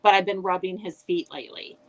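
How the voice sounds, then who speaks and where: A woman's voice: lowish voice, brisk, vocal fry, rough recording. An older grandmother and author, a podcast guest, chatting casually and telling family stories with frequent restarts. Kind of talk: casual chat.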